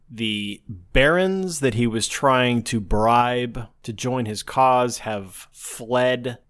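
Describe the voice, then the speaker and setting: A man co-hosting a podcast, wry and measured, shifting between banter and slow, dramatic recap. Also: mid-range voice, fairly bright tone. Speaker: podcast co-host. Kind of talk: casual chat and scripted recap.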